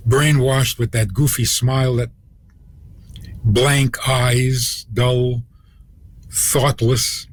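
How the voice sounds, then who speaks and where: A man, a rabbi, telling a story on a radio program, with deliberate pauses and acted-out quotes. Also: mid-range voice, fairly even intonation, a little hiss or hum.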